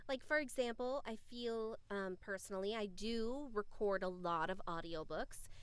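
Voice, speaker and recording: A woman who narrates audiobooks, co-hosting a podcast and explaining her views in a measured, thoughtful way. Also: medium pitch, clean tone, dry recording. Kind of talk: casual discussion.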